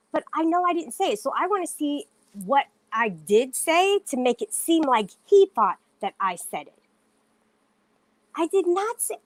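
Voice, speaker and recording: Woman ranting on her live, kinda high voice, dry close sound, defensive and insistent. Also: no room sound. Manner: indignant, defensive, emphatic. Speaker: livestreamer. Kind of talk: casual livestream talk.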